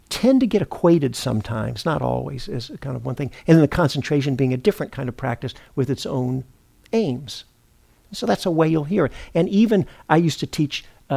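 Gravelly-voiced man giving a meditation talk. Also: mid-range voice, a little mellow. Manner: unhurried, thoughtful, self-correcting. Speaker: meditation teacher. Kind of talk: dharma talk. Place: retreat center meditation hall.

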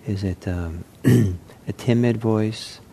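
A man with a lowish, mellow voice gives an unhurried meditation talk. He talks in a gentle, reflective way, pausing often and restarting his sentences. A faint hiss sits underneath him. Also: creaky. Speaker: meditation teacher. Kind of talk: unscripted dharma talk.

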